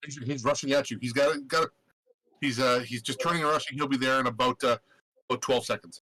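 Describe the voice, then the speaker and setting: A man narrating a tabletop game as game master, halting with many fillers. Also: mid-range voice, fairly even intonation, bright, forceful tone, low-quality recording.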